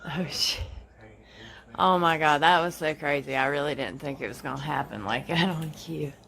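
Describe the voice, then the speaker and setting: Holding a phone in her hand, a young woman records a home video of her house against a noisy background. Her low-pitched, gravelly voice moves briskly as she rambles frantically and swears a lot.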